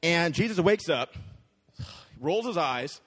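A man's voice: fairly high pitch, expressive, slow pace, a bit bright. A man preaching a sermon to a congregation, talking in a casual, conversational way and often asking "right?". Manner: conversational, checks in with the crowd with frequent "right?". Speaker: pastor. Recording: long hall reverb.

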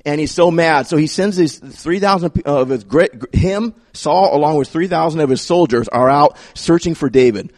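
A male pastor preaching a sermon in a conversational, storytelling manner. His voice sits a bit higher than most men's. He drops in playful asides. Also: animated, moderate pace, a little mellow, dry recording, clean studio sound.

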